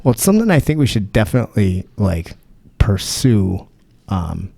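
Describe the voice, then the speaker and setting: A man's voice: on the low side, big pitch swings, normal speed, gravelly, dark tone, breathy edge, no room sound. A man hosting a podcast in casual chat. He rambles, swears freely and restarts his sentences. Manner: rambling, profane, many restarts. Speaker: podcast host.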